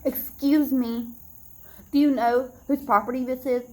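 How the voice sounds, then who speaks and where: A woman putting on the voice of a cranky elderly woman neighbor, shrill and indignant. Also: fairly even intonation, measured pace, rough recording. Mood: indignant scolding.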